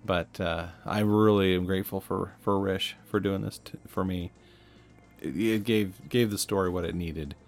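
Low-voiced reflective male podcast host. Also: fairly even intonation, normal speed, soft background music. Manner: reflective, conversational, chuckles at himself. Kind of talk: casual chat.

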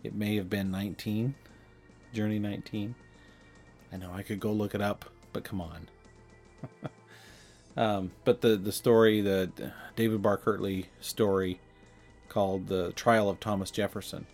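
Low-voiced reflective male podcast host. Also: steady tone, measured pace, pauses often, darkish tone, faint music behind. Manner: reflective, conversational, chuckles at himself. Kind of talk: casual chat.

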